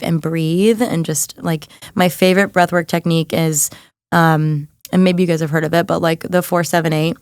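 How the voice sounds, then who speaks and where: A woman's voice: low voice, fairly even intonation, normal speed, a little mellow, smooth, dry recording, studio quality. A young woman, a coach and guest on a podcast, talking casually and earnestly with many "like"s as she encourages listeners. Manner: chatty, fills with "like", earnest and encouraging. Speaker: guest, mindset and nervous system coach.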